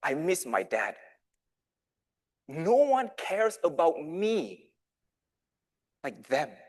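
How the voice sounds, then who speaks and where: A man doing a quiet, grieving orphan boy. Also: on the high side, huge pitch swings, very slow, full character voice. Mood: sad. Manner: quiet and subdued.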